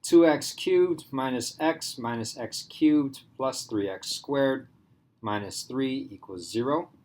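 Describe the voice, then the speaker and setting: A man's voice: medium pitch, slow, darkish tone. A man teaching a math class in a casual way, thinking aloud and checking in with his students.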